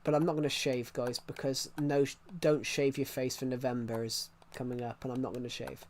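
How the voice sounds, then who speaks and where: A man's voice: mid-range voice, level tone, a little fast. A young man chatting casually on a live stream, rambling with many restarts and laughing at his own jokes. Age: young adult.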